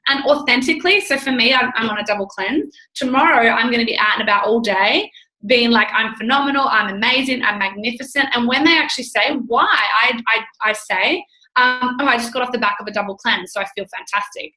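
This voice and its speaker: Young woman in her twenties, effusive and chatty, bright forward tone, echoey room. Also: a little high, fairly quick. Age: 20s. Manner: bubbly, effusive, acts out quoted talk. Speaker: guest entrepreneur. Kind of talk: casual call chat.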